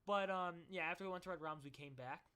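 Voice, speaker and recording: A young man telling a rambling personal story in a casual, animated way, with many fillers and frequent laughs. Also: a little high, fast, smooth. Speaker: vlogger.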